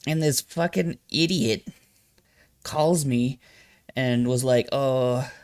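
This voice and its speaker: A young man streaming, reacting to a video with profane, animated storytelling that jumps suddenly loud. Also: mid-range voice, slow pace. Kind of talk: casual live-stream commentary.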